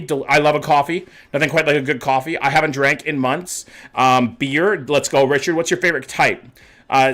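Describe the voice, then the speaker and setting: A man's voice: fairly high pitch, fairly bright tone. A young man in his twenties from Canada, casually chatting with his livestream viewers, greeting them by name and swearing offhandedly. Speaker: streamer reading chat.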